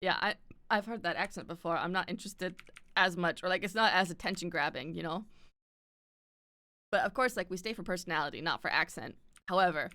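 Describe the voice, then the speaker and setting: Woman streamer, standard North American accent, slight lisp, rambling casual chat full of fillers and offhand swearing, crisp tone. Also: lowish voice, fairly quick, pushed and bright. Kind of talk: casual chat with live viewers.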